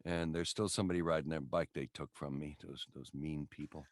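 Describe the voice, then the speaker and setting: A man's voice: a bass voice, fairly even intonation, fairly quick, no room sound, studio quality. An older man co-hosting a podcast, telling wry, joking anecdotes in casual chat. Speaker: podcast co-host.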